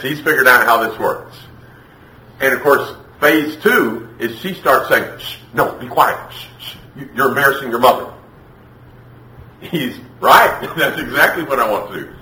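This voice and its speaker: A man preaching a sermon on raising children, lively and playful, acting out parents and children in raised voices. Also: mid-range voice, slight background noise. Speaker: preacher teaching on child discipline. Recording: echoey room with faint ambience.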